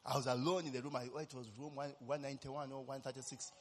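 A man's voice: medium pitch, level tone, fast talker, in a large hall. A man, preaching a sermon as personal testimony, telling his story animatedly and constantly tossing in tag questions.

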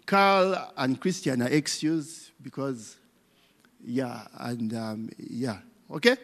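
A man's voice: medium pitch, slow pace, a bit bright. A man, a pastor preaching an interactive sermon who teases his congregation with rhetorical "what?" questions and tags like "eh?" and "okay?". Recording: long reverb of a hall.

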